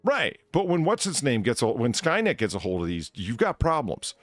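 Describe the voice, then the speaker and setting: A man's voice: mid-range voice, huge pitch swings, moderate pace, no echo, faint music behind. A man hosting a casual comedy podcast, reading news items and ranting about them with lots of swearing. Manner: ranting, profane, reads news items then riffs. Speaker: podcast host.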